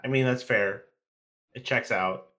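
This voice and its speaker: A man's voice: medium pitch, unhurried, sharp tone. A man hosting a podcast, reading out questions in a wry, casual way. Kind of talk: casual chat.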